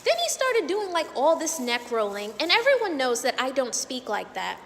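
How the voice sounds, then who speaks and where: A woman's voice: high-pitched, huge pitch swings, moderate pace, a bit bright, long reverb tail. A young adult woman giving an indignant, emphatic vlog rant to camera, hammering her points with repetition. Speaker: vlogger.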